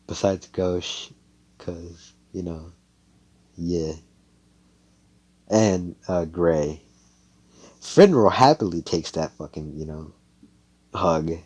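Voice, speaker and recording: A young man spins a fan-made anime story over voice chat, rambling and stopping to fix his words. His voice is deep and mellow. He swears freely and talks casually into a headset mic at home. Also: poor audio. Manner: rambling, profane, self-correcting. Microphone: computer headset mic.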